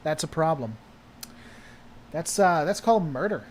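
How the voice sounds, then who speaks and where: A man's voice: a little high, lively intonation, a little slow. Sarcastic rambling male livestream host. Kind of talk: casual livestream chat.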